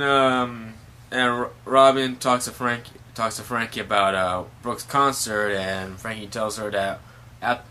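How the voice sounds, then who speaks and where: A man's voice: medium pitch, bright, forceful tone. A man casually recapping a manga chapter, rambling with many fillers. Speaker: manga reviewer.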